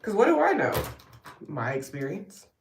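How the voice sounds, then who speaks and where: A woman's voice: medium pitch, huge pitch swings, normal speed, darkish tone, slight background noise. Woman yapping thru her makeup live, roomy room, sits back from the mic. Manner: chatty, rambling, wry asides. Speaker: vlogger doing a live get-ready stream. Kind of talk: casual chat while doing makeup. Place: at home getting ready. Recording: roomy sound from a distance.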